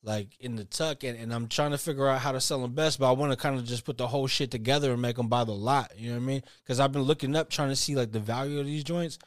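A laid-back man on a casual podcast with a medium-pitched voice, recorded dry and close. He drifts through a story in loose street slang and swears often. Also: quick pace, hardly any pauses, no echo. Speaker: podcast co-host. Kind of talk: casual chat.

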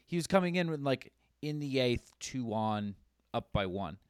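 A man's voice: mid-range voice, normal speed, smooth, no room sound, clean studio sound. A man appearing as a podcast guest, chatting casually about baseball and animatedly acting out what others might have said. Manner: animated, acts out quotes in put-on voices. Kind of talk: casual sports chat.

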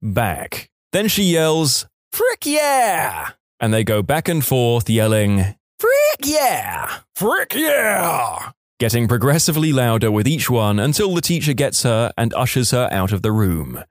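A man's voice: mid-range voice, expressive, moderate pace, no room sound, studio quality. A man reading listener-submitted stories aloud, with wry, sarcastic asides. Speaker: story narrator.

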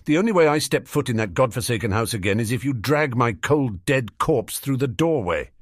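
A man's voice: mid-range voice, expressive, a little fast, no echo, studio quality, voice pushed up, lightly acted. A man voicing a moody, indignant adult man on the run, huffy and defensive, in a storybook reading. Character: indignant adult male fugitive godfather, moody. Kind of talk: audiobook character reading.

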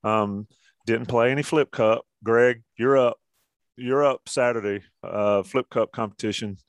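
A man's voice: mid-range voice, steady tone, unhurried, no echo. A man hosting a casual sports podcast, joking around and steering the talk to the next topic. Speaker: podcast host.

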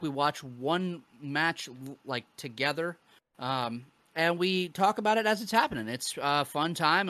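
Man, podcast host, casual loose delivery with swearing, bright forceful tone, dry close mic. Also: on the high side, smooth, no room sound. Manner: loose, laughing, peppered with swearing and fillers.

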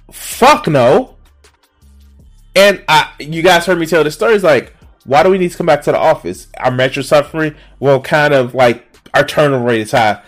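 Sarcastic ranting man, high animated voice, profane outbursts, faint music behind. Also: moderate pace. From Chicago area. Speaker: streamer reacting to a video. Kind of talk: ranting reaction commentary.

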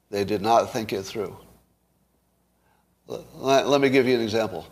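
A man's voice: lowish voice, breathy edge. A middle-aged man giving solo commentary, sarcastic, asking his audience rhetorical questions and chuckling at his own points. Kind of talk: solo political commentary to camera.

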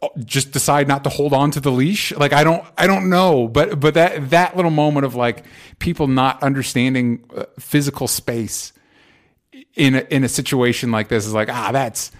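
A man's voice: medium pitch, moderate pace. Rambling, profane man chatting casually. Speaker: podcast co-host. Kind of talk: casual chat about movies.

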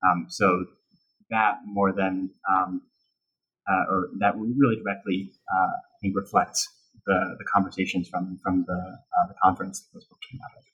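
A man who is a guest author, speaking hesitantly with many pauses in an academic interview. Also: low voice, little pitch movement, a bit bright, husky, lo-fi sound. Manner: hesitant, many ums and uhs.

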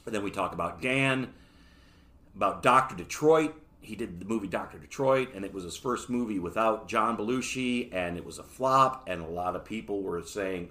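A man's voice: fairly low pitch, lively intonation, moderate pace, bright, forceful tone. A man hosting a solo podcast, reviewing a book in a casual, rambling way with joking asides. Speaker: podcast host.

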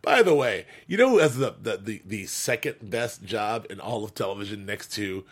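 A man's voice: on the low side, lively intonation, moderate pace, slightly rough. A man co-hosting a fan after-show, chatting casually and animatedly, joking and laughing often, with many restarts. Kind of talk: casual chat.

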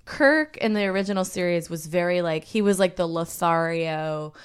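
A woman's voice: fairly low pitch, moderate pace, clear, resonant tone. Chatty woman full of fillers. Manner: chatty, filler-heavy, playful. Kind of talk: casual chat.

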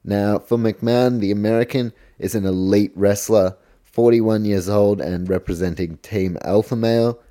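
Deep-voiced kiwi guy doing a casual solo podcast, goes on tangents, swears a bit. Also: fairly even intonation, moderate pace, dark tone. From New Zealand. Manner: rambling, self-correcting, swears, goes off on tangents. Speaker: podcast host.

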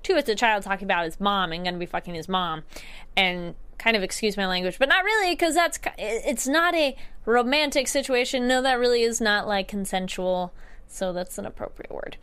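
Young woman, casual vlog recap; smooth, clear voice, animated, self-correcting. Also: mid-range voice, brisk. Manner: chatty and animated, stumbles over words and corrects herself. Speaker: TV show reviewer.

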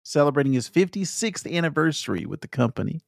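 A man hosting a gaming podcast, relaxed as he reads news items and riffs on them. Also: a little high, fast, vocal fry, no room sound, studio quality. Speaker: podcast host reading news segments. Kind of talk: casual news chat.

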